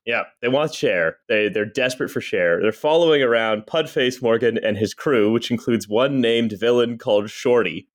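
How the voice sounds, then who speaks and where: A man's voice: mid-range voice, normal speed, few pauses. A man co-hosting a podcast, rambling through a comedic discussion with frequent restarts. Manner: rambling, lots of restarts and fillers. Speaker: podcast co-host.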